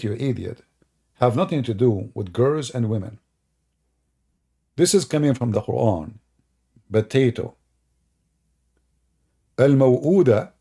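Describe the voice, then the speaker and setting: Sarcastic guy ranting on a stream, gravelly low-key voice, keeps asking mocking questions. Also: warm tone. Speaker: online religious debate host. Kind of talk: mocking livestream commentary.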